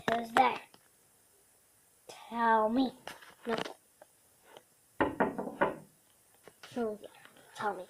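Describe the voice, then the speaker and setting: A woman voicing her pet dog as a whiny, dramatic female dog that pleads, whispers and cries out in a high voice. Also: creaky, very noisy. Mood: suspicious.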